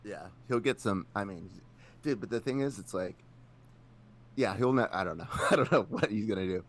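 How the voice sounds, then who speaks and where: A low-pitched man trading wisecracks as a podcast co-host. He talks casually, often slipping into mock quotes of other people. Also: moderate pace. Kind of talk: casual comedic chat.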